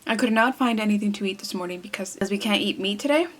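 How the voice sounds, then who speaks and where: A woman's voice: medium pitch, fast talker, slight background noise. A young woman vlogging casually to her viewers, chatty and earnest, with frequent fillers and self-corrections. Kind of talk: casual vlog talk to camera.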